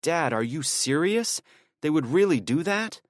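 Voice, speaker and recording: Casting: a man doing a nervous young guy, higher and strained, eager and pleading, audiobook reading. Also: sing-song, measured pace, dry recording, clean studio sound. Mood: anxious eager. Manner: eager, pleading, voice tight with worry. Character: anxious young man driving, teenage son.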